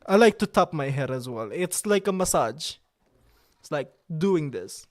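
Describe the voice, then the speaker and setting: A man's voice: on the high side, lively intonation. Playful, vain man chatting on a livestream. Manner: playful, vain and mock-serious, with halting, broken phrasing; drops in occasional French words. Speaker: livestream host. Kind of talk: casual livestream chat with viewers.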